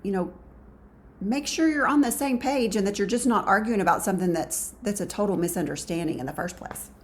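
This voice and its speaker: A woman co-hosting a marriage advice show, agreeable and steady, summing up each point. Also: medium pitch, fairly quick. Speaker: co-host of a marriage talk show. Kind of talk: casual advice talk.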